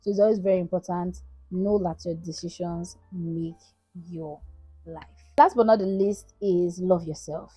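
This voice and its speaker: Warm, husky woman giving advice. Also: fairly low pitch, measured pace, no room sound, soft background music, poor audio. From Nigeria. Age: 30s. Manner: earnest, repetitive, frequently asks "right?". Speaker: content creator. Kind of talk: casual advice talk to camera.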